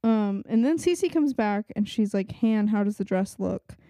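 A woman's voice: medium pitch, animated, moderate pace, warm tone, dry recording, studio quality. A young woman co-hosting a podcast, chatting about a TV episode in detail, with lots of filler words. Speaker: podcast co-host. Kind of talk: casual chat recapping a TV episode.

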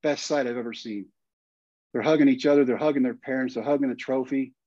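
A man's voice: medium pitch, fast, dry recording, lo-fi sound. A man in his fifties with a Texan accent, a guest telling a long story and acting out the lines people said. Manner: animated storyteller, acts out quoted lines. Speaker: guest, former pitcher and coach. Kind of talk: storytelling in a podcast interview.

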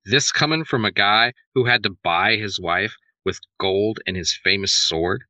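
A man's voice: lowish voice, a little slow, sharp tone, dry recording, muffled recording. A man reading the lines of a spiteful, drunken male trickster god, hurling crude insults. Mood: taunting.

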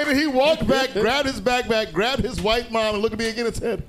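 A man who is a comedian, telling stories loudly and profanely with frequent laughs on a live podcast in a bar. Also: high-pitched, animated, quick pace, few pauses. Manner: loud, profane, laughing often. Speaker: comedian guest. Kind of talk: live podcast banter and storytelling. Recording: loud background noise.

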